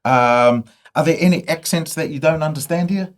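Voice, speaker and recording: A man's voice: on the high side, moderate pace. A man hosting a casual podcast interview, chatty and laughing easily. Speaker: podcast host.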